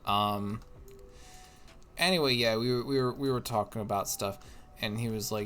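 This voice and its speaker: A man's voice: lowish voice, normal speed, long pauses, fairly bright tone, faint music behind. A tired man streaming a game, telling a rambling story in casual chat with lots of restarts. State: tired, yawning. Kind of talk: casual chat while gaming.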